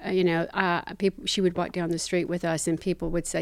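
A woman's voice: on the low side, fast talker. An older woman from South Carolina, telling life stories as an interview guest and acting out the voices of people in them. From South Carolina, USA. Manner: animated storyteller, acts out quoted voices. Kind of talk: interview storytelling.

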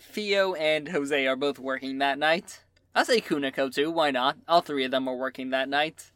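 A young adult game master narrating a tabletop role-playing game in a relaxed way, often pausing on "uh". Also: medium pitch, clear, resonant tone. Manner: relaxed, with frequent "uh" fillers.

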